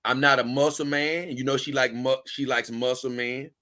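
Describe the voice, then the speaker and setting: A man's voice: medium pitch, level tone, moderate pace, pushed and bright. A man hosting a casual livestream, reading viewer comments and rambling on in loose, with chuckling asides. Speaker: livestream host.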